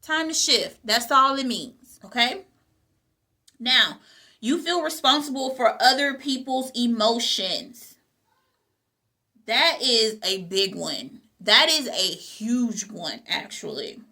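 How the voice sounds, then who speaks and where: Woman giving a pep talk, bright higher voice, says things twice, keeps asking okay?. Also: animated, slow pace. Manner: emphatic, repeats key phrases, asks "okay?". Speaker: host. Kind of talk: motivational talk to viewers.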